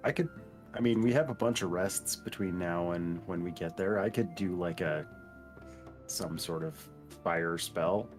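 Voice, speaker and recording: A man's voice: low voice, unhurried, faint music behind. A man playing in a tabletop game, chatting casually with dry, wry remarks. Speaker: player.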